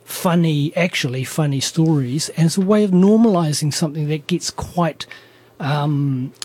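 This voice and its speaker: A man's voice: fairly high pitch, normal speed, a little mellow, husky. A man, an animator chatting in an interview, often correcting himself and laughing easily. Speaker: animator guest. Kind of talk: conversational interview.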